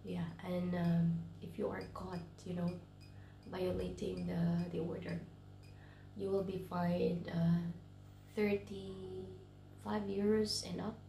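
Speaking slowly in a fairly low, flat voice with vocal fry and a dark tone, this woman records in an echoey room with slight background noise. She's an English teacher and vlogger with a cold, chatting casually from her bedroom in self-quarantine, tired and frequently dropping to a whisper.

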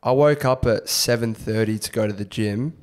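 A man's voice: fairly low pitch, normal speed, a little mellow. Laid-back young man telling stories. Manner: laid-back storytelling, slangy. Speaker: podcast co-host. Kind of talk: casual chat.

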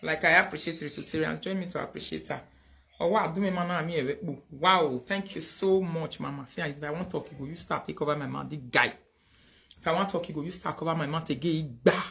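A woman with a Nigerian Pidgin English accent hosting a casual livestream, animated, thanking viewers loudly and switching into Pidgin. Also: low voice, brisk, creaky. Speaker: livestream host.

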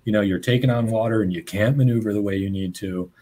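A man speaking on a webinar panel in a slightly low, husky voice. He thinks out loud, circling back and restarting phrases as he works through lessons from running a small business. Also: fast talker. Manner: musing, restarts phrases often.

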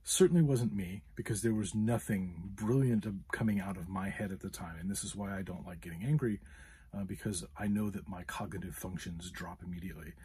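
A man's voice: deep voice, brisk, dark tone, slightly rough. A man hosting a podcast, telling a frustrated story in a casual monologue with many fillers. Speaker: podcast host.

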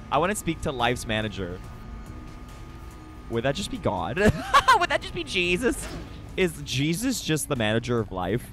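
A man streaming a video game live in casual chat, excitable and profane, laughing and greeting viewers loudly. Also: medium pitch. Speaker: livestreaming gamer.

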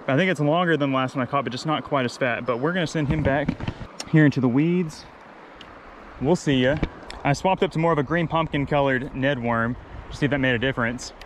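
A man vlogging while wading a mountain creek, casually explaining the water and getting excited over catches. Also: mid-range voice, brisk, slight background noise. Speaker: fishing vlogger. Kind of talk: casual outdoor fishing commentary.

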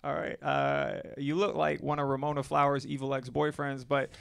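Bright hype-man comedy host. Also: medium pitch, little pitch movement, moderate pace, vocal fry, smooth, no echo. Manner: hyped, loud crowd-pumping announcements. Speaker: guest host. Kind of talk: hosting a live comedy show. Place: comedy club stage.

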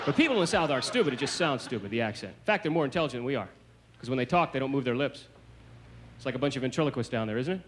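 A man from the American South doing a stand-up comedy routine on a TV stage, with a brisk, punchy delivery. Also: medium pitch, expressive. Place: comedy stage before a live audience. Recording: noisy 1980s TV stage recording.

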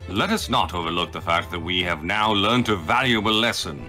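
A man voicing a pompous, eccentric gentleman detective in grandiose, theatrical game dialogue. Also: deep voice, animated, brisk, music in the background. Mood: lecturing. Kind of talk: reading game dialogue aloud with friends.

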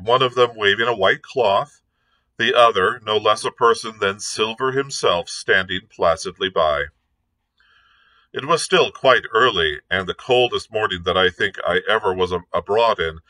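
A male librarian reading a novel aloud in a measured, even storytelling manner. His lowish voice sounds bright and forceful, and he takes his time. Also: poor audio. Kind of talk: read-aloud narration.

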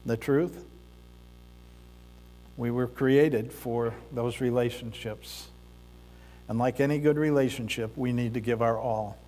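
Man, preacher, sermon, measured unhurried delivery, mid-pitched voice, long hall reverb. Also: steady tone, warm tone, slight background noise. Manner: slow, deliberate delivery with pauses and occasional fillers. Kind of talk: sermon with a storytelling close. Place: church sanctuary.

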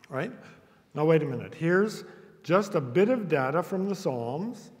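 A man's voice: on the high side, expressive. A man, a university instructor, giving a public lecture with playful, chuckling asides to a live audience. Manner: unhurried, playful, chuckling between points. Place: auditorium before a live audience. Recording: echoey hall with long reverb.

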